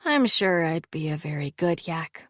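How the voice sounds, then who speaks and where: A woman's voice: sits low, lively intonation, a little slow, dry recording, studio quality. A woman voicing a tired, wry housekeeper in her thirties in an audiobook. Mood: weary, wry. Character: weary woman housekeeper, thirties, self-deprecating. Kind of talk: audiobook character reading.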